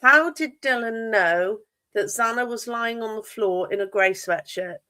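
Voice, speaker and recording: This true crime stream is hosted by a woman whose voice sits on the high side, bright and forceful, at a measured pace. Incredulous and emphatic, she asks question after question, leaning hard on key words.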